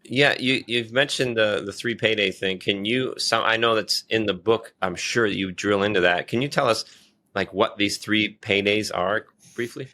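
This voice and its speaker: Guy hosting a podcast, lowish punchy voice, keeps restarting his questions. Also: normal speed, sharp tone. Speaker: podcast host. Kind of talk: podcast interview.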